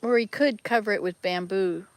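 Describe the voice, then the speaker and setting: A woman's voice: medium pitch, moderate pace, no room sound. Chatty older woman vlogging outdoors. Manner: chatty, rambling, self-correcting. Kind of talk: casual travel vlog. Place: outdoors at a rural hut. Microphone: handheld camera.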